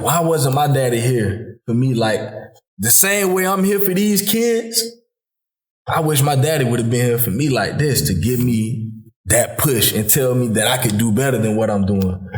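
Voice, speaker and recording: In an echoey room, a medium-pitched podcast host talks through fatherhood in a relaxed, heartfelt conversation with a friend. His speech is informal and Southern US, and he keeps calling his friend, and the listener, "bro".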